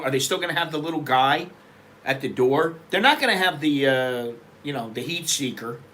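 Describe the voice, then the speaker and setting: A man's voice: a little high, pushed and bright, slight background noise. A middle-aged American man hosting a casual, rambling chat, talking frankly and loosely. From United States. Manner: digressive, loose, frank talk with frequent restarts. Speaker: host.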